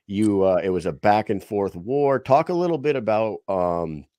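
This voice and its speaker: A man's voice: on the low side, animated, dark tone, no room sound. A man co-hosting a casual interview, loose and profane, stretching out his phrases. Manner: loose, swearing, drawn-out phrasing. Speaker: podcast co-host.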